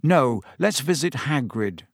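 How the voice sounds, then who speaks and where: A man's voice: fairly high pitch, lively intonation, moderate pace, no echo, clean studio sound, lightly acted. A man voicing a determined teenage schoolboy who speaks firmly. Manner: firm.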